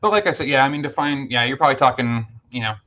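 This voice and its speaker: Man, casual livestream host, chatty, bright voice, lo-fi recording. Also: mid-range voice, animated, fast. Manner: chatty, thanks viewers, many fillers and restarts.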